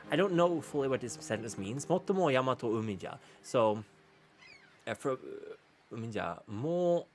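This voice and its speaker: A young man on a casual live stream, translating aloud in a halting way, full of restarts. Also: medium pitch. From Sweden. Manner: reads lines aloud in a rough gruff tone. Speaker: VTuber streamer. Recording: faint background music.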